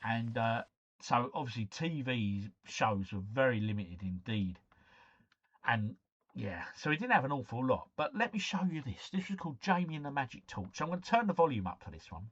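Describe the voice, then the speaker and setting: Chatty and matey, a middle-aged British man hosts a casual live stream where he reads out viewers' comments and replies to them. He speaks at a moderate pace in a mid-range, sing-song voice that's fairly bright and slightly rough, captured on a dull, lo-fi stream mic.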